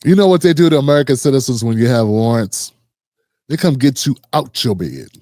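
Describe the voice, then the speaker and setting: A man's voice: medium pitch, lively intonation, fairly quick, mellow, no room sound, clean studio sound. A man hosting casual political reaction commentary, mocking and slangy, sometimes putting on voices.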